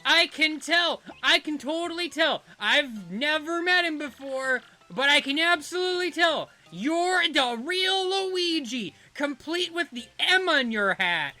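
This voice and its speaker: A man's voice: very high-pitched, a little slow, few pauses, soft background music, pitched above the performer's own voice, heavily acted. A man voicing a gushing young woman who is a breathless, star-struck fan. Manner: breathless, squealing excitement.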